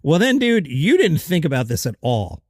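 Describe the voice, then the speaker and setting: A man's voice: fairly high pitch, huge pitch swings, normal speed, a little mellow, no echo, studio quality. A man hosting a comedy news podcast, delivering headlines with a sing-song lilt and sarcastic asides. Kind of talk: casual comedic news commentary.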